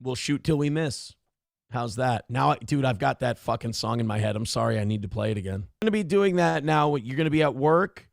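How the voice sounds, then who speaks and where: A man's voice: medium pitch, lively intonation, fairly quick, gravelly, no echo, clean studio sound. A man hosting a livestream who rambles, swears freely and reads viewer messages aloud. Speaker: livestream show host. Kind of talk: casual livestream chat.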